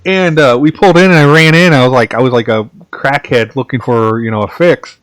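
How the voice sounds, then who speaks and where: Casting: male podcast host, mid pitch, meandering anecdotal chat, recorded close and dry. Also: a little fast, a bit bright, dry recording. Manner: rambling storyteller, many restarts and "like"s. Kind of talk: casual chat.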